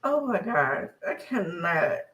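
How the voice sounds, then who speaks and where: A woman giving casual reaction commentary who laughs constantly and exclaims loudly. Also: on the low side, very animated, slow pace, highs cut off. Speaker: reaction video host.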